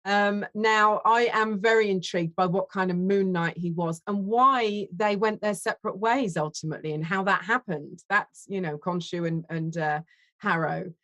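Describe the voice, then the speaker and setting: A woman's voice: medium pitch, normal speed, fairly bright tone. Hesitant woman thinking aloud in a review. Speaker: film and TV critic co-host. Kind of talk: casual review discussion.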